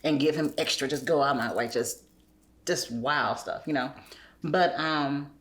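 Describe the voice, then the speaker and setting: Low-voiced reflective woman. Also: measured pace, a bit bright, roomy sound. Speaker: podcast guest, single mother. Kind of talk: casual chat.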